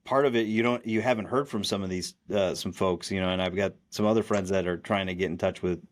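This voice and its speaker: A man's voice: sits low, steady tone, quick pace. A man co-hosting a podcast in casual chat, rambling with many restarts and fillers. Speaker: podcast co-host.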